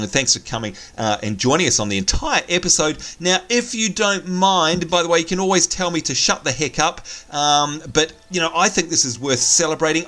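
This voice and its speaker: Excitable male let's-play host, high voice, very animated delivery. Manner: excitable, teasing, laughs often. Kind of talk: casual gaming commentary.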